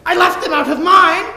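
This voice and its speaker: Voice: very high voice, heavily acted. A stage performer playing a roguish, prankish young male nobleman who tells stories with gleeful swings of voice. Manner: gleeful storytelling, shifts into shrieking panic. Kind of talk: amateur stage comedy. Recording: noisy, echoey stage from far off.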